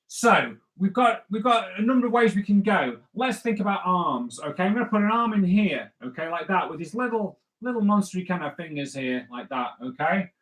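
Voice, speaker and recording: Male comics artist, slightly high voice, loose jokey drawing tutor. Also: fairly bright tone. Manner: chatty, rambling, with jokey asides. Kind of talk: live drawing lesson.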